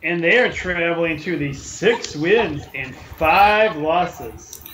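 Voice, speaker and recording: Man, sports show co-host, rambling casual chat, lots of fillers, clear background noise. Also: a little high, lively intonation, takes it slowly, a bit bright, poor audio.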